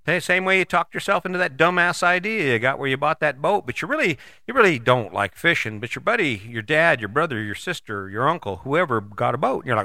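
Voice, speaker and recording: Animated, blunt man in his sixties. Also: on the high side, fairly quick, few pauses, no room sound, clean studio sound. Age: 60s. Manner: blunt, folksy, swears casually, jumps between voices for imagined people. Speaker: podcast host. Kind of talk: motivational monologue.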